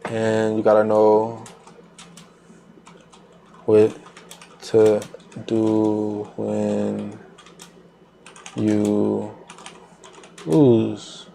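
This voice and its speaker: A man's voice: on the low side, monotone, drawn-out words, vocal fry, long pauses, warm tone, a little hiss or hum. A man hosting a trading channel, talking casually while he trades live, rambling loosely with repeated phrases and fillers.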